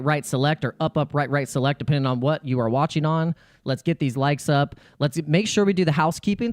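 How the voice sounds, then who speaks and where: A man hosting a crypto live stream, talking in an excitable, rambling rant full of restarts. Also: fairly high pitch.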